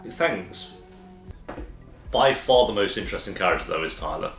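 A man hosting a TV reaction video, making sarcastic, quick asides while he watches. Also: low voice, animated, fairly bright tone, faint music behind. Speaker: TV reaction host. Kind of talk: casual reaction commentary. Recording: roomy echo.

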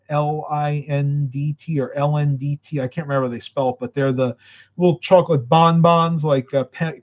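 A tired, slightly winded man talks casually on a live stream. He rambles from one viewer comment to the next in an easygoing way. His voice sits a bit high, and the audio is dull and lo-fi. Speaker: vlogger answering live chat. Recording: muffled lo-fi audio.

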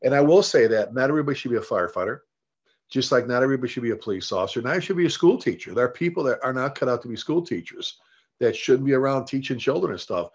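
A middle-aged fire service leader tells stories in an interview, acting out quoted dialogue and often restarting his sentences. His mid-range voice is husky and very fast, captured in dull lo-fi interview audio.

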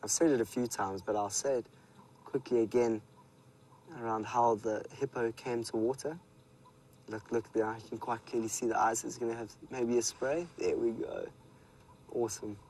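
A man with a South African accent presenting a live safari, telling stories and chatting with viewers in a relaxed way. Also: medium pitch, moderate pace, a little hiss or hum, poor audio. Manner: relaxed storytelling, speaks to viewers. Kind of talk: live wildlife commentary. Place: outdoors in the bush.

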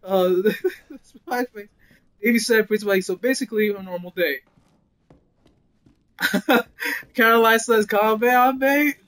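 A man's voice: high voice, a little fast, a bit bright, clean tone, low-quality recording. A man hosting a casual gaming livestream, reading chat aloud, laughing often and blessing viewers in churchy phrases.

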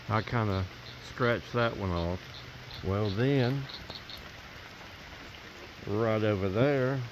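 A man's voice: fairly low pitch, mellow, a little hiss or hum. A man, chatting casually to viewers in a rambling, folksy way while filming outdoors by a pond. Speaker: vlogger. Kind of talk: casual outdoor vlog narration. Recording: dull lo-fi outdoor camera audio.

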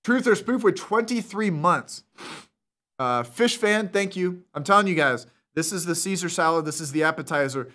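A fired-up man hosting a scam-baiting stream, taunting and defiant. His voice sits a touch high and breaks into loud shouted bursts. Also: expressive, moderate pace. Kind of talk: casual streamer talk.

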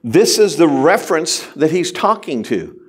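A man preaching a sermon as pastor, animated and humorous, addressing the congregation directly. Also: a little high, a little slow, breathy edge. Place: church sanctuary.

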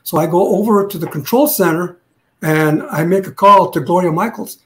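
A man's voice: high voice, moderate pace, fairly bright tone. An older man, a retired police detective, telling a long story in a casual interview, rambling with restarts and acting out what others said. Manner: rambling, restarts, acts out quotes.

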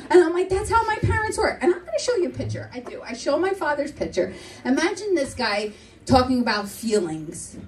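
A young woman doing stand-up in a comedy club, her voice high and swooping all over as she acts out her relatives in quick bursts. She sounds a bit off the mic, with some distance in the sound. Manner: animated, acts out family members in quick impressions.

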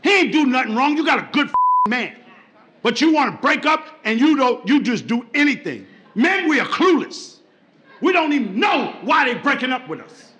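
A male stand-up comedian on a club stage, loud and swearing, acting out both sides of arguments. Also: very high-pitched, very animated, normal speed. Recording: live club recording with crowd noise.

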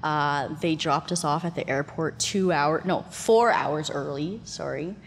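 Speaking a little slowly in a low voice, a thirtysomething Canadian woman tells her story as a guest in a casual chat. She curses a lot, laughs frequently, and acts out other characters' voices. Long reverb and faint noise fill the echoey room.

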